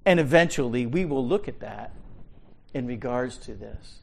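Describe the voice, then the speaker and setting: A man teaching a Bible study sermon, emphatic and repeating his key words, swinging from quiet asides to loud pronouncements. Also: medium pitch, lively intonation, normal speed, creaky.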